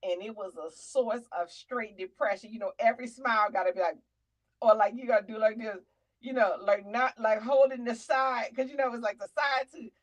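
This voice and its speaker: A woman with a New York accent, telling a lively faith story on a talk show, dropping to murmurs and rising to loud cries. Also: moderate pace, poor audio. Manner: animated testimony, swinging from low murmurs to loud cries. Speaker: guest.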